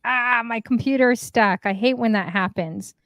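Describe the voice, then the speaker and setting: A woman chatting casually on a livestream panel, lively and laughing, acting out quotes with playful voices. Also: a little high, moderate pace, no room sound. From Canada. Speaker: panel guest streamer.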